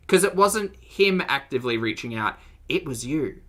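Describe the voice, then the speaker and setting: Brief: sarcastic reaction streamer, bright forceful tone, blunt casual commentary with frequent laughs. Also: medium pitch, lively intonation, moderate pace. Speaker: streamer reacting to videos and reading chat.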